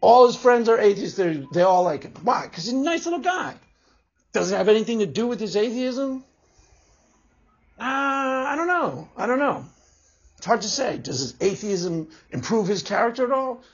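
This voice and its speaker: Brief: a male vlogger with a husky, high voice, cursing and mocking; muffled lo-fi audio. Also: very animated, normal speed. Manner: swears heavily, laughs often, mocking. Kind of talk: profane opinion rant. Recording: dull lo-fi recording.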